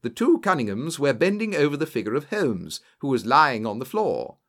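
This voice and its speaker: Man reading a story with lively pitch. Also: moderate pace. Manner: lively storytelling with varied character voices. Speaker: audiobook narrator. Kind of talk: scripted narration.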